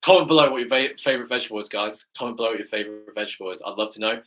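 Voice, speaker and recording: A man's voice: fairly low pitch, racing, fairly bright tone. A man with an English accent, a fitness coach chatting enthusiastically with viewers on a live stream Q&A, often tagging his sentences with "right?".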